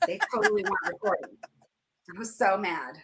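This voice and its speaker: A woman's voice: medium pitch, huge pitch swings, a little fast, noisy background. A woman hosting a show, telling a story in casual chat and laughing at herself as she goes. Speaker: podcast host.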